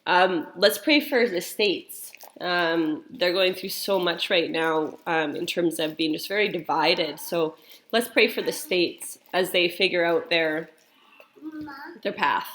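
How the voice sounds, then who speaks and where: Slow and lowish, with a bit of brightness, this woman's voice carries a loose, rambling family story followed by a church prayer. She's a mother in her thirties or forties, chatty and full of fillers and false starts.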